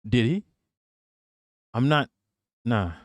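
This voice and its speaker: A man's voice: mid-range voice, lively intonation, drawn-out words, no echo. A man hosting a live stream, reacting to news clips with profane, mocking asides and greeting his chat. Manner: profane, mocking, chatting with viewers. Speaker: livestream host. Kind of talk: casual live-stream commentary.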